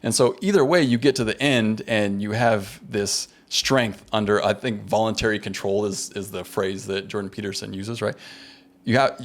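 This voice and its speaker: A man's voice: fairly low pitch, steady tone, moderate pace. A man hosting a podcast conversation, thinking aloud carefully and often restarting his words as he works out a point. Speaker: podcast host. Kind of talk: casual conversation.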